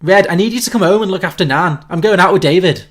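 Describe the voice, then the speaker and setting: Brash scouse mum, bossy and loud, pitched up, a man putting her on. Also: fast. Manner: bossy, blunt. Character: brash Liverpudlian mum going out.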